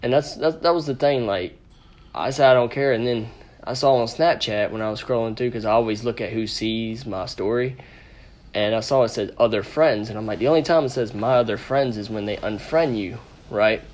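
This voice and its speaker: A man's voice: mid-range voice, moderate pace, a little mellow. A man hosting a casual podcast from a room with friends, telling a story in a blunt, rambling, profane way. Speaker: podcast host. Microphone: podcast microphone.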